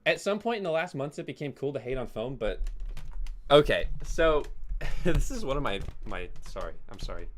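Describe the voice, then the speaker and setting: A man's voice: medium pitch, big pitch swings, normal speed. A man hosting a keyboard vlog, ranting in an exasperated, sarcastic way and apologizing between outbursts. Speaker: keyboard video host.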